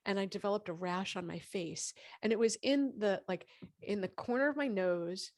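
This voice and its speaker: A woman in her fifties recounts her own health history as a guest in a casual interview. She tells it with animation and slips into acted dialogue. Her voice sits at a middling pitch, recorded close and dry with no room sound. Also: normal speed, dry recording. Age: 50s. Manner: animated, acts out quoted dialogue. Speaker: podcast guest, gynecologist.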